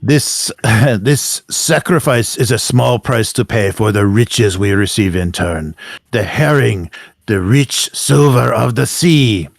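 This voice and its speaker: A man's voice: on the low side, expressive, slow, vocal fry, no room sound, studio quality, full character voice. A man voicing a stern, fanatical male village leader who speaks with scorn and declaims his lines. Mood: scornful.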